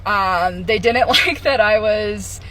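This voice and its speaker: A woman's voice: medium pitch, sharp tone. A young woman in a casual vlog, sarcastically telling how she was fired from her retail job. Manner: sarcastic, laughing, quick asides.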